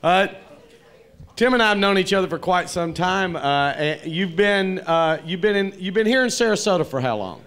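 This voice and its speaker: Halting male interview host. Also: sits high, animated, a bit bright. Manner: halting, many false starts and restarts. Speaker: interview host, club owner. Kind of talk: live interview. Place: comedy theater stage.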